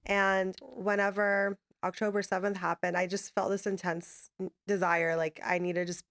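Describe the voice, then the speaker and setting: A woman's voice: mid-range voice, level tone, moderate pace, fairly bright tone. Chatty woman podcast host. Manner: conversational, many fillers like "like". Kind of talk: casual interview chat.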